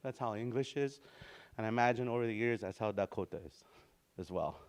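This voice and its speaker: A man's voice: medium pitch, fairly quick. A man teaching a small language class in a classroom, talking loosely and chuckling, singing out words as he explains them. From Canada.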